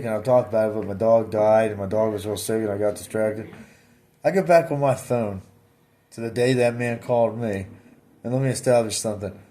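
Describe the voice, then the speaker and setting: A man vlogging, telling a story in a blunt, plainspoken way and acting out his own replies. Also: lowish voice. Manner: animated, reenacts his own replies with repeated "I said". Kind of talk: casual storytelling.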